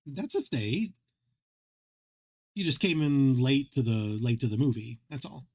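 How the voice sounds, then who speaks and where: A man's voice: medium pitch, animated, unhurried, darkish tone. A man hosting a game livestream who tells long, rambling, self-deprecating stories, restarting his sentences often. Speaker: livestream host. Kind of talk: casual chat while streaming a game.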